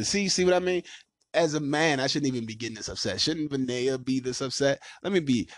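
A man in his thirties hosts a casual podcast and rants at length, swearing freely and laughing loudly when something gets to him. His voice sits in an ordinary middle register. The recording is dry and close, with no room sound. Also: medium pitch, moderate pace, no room sound. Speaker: podcast host.

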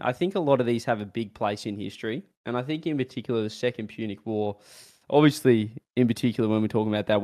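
A man with an Australian accent co-hosting a casual podcast, rambling and playful with deadpan mock answers. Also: lowish voice. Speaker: podcast co-host.

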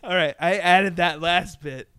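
A man chatting casually and profanely about a TV show, animated and laughing, often mock-defiant. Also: high voice, a little slow, clean tone, dry recording, clean studio sound.

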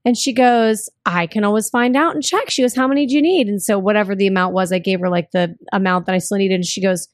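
A woman's voice: medium pitch, fast, few pauses, no echo, clean studio sound. A young woman chatting casually as a podcast co-host, telling stories and acting out what other people said. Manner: chatty storyteller who acts out quoted dialogue. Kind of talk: casual chat.

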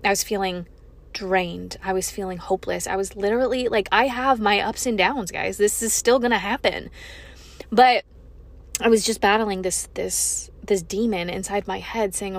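A young woman hosting her own podcast, talking frankly and emphatically, swearing freely as she opens up about feeling low. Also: normal speed. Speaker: podcast host. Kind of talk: candid solo podcast monologue.

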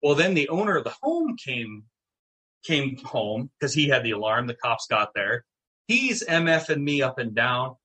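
Casting note: middle-aged man, bright husky voice, lively storyteller who swears freely. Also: mid-range voice, moderate pace. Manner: animated, swearing, acts out quotes. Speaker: guest, town mayor. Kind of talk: casual storytelling.

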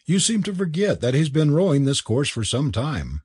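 A brisk, dry young student, as a man reads him aloud. He speaks in short, matter-of-fact remarks. The voice sits higher than the narration and has a slightly husky edge. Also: sing-song, darkish tone, no echo.

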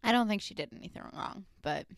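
A young woman co-hosting a casual podcast, talking in an animated, hedging way and laughing often. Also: medium pitch, fast talker, creaky. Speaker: podcast co-host. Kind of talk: casual chat.

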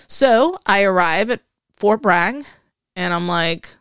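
A woman's voice: mid-range voice, animated, takes it slowly, a bit bright, clean tone, no echo, clean studio sound. A woman as an interview guest, chatting casually and acting out quoted dialogue as she tells her story.

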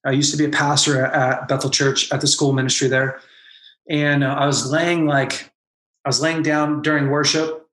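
Earnest bright-voiced man, echoey room. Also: mid-range voice, little pitch movement. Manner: earnest, emotional storytelling with quick bursts. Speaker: podcast guest, former pastor. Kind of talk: candid podcast conversation.

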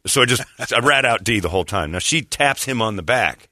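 A man's voice: a little fast, no echo, studio quality. A man telling a story in casual chat, acting out the people he quotes. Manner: animated, acts out quotes with raised pitch.

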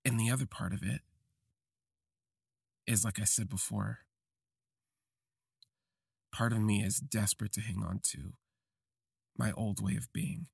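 Young male host, confessional storyteller: low-pitched, gravel-edged voice, close and dry, halting reflective delivery. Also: no room sound. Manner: slow, halting, reflective phrasing. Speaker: podcast host. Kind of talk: confessional first-person storytelling.

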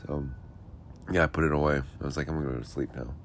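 Low-voiced rambling man, tipsy. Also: steady tone, quick pace, a little hiss or hum. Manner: rambling, sarcastic, mumbling at times. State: tipsy, drinking beer. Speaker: podcaster telling a personal story. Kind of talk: rambling casual monologue. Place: outdoors, homeless.

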